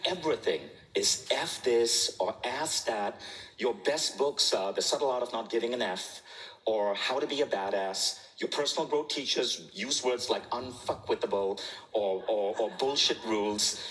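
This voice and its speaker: A middle-aged man from Malaysia telling a personal story in a jokey, animated way, laughing at his own punchlines. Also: mid-range voice, normal speed, poor audio. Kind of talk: humorous storytelling talk.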